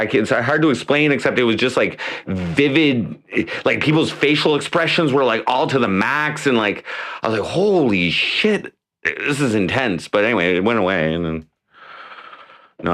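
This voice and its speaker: A man's voice: mid-range voice, fairly bright tone. A man hosting a casual livestream from home, rambling and profane, with many restarts. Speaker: livestream host; mayoral candidate.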